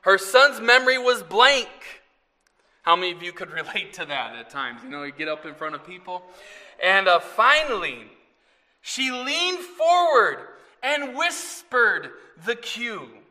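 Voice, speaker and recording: A man preaching a Mother's Day sermon to his congregation, earnest and often rising loud on scripture, with asides to the listeners. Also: a little high, long reverb tail. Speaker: pastor.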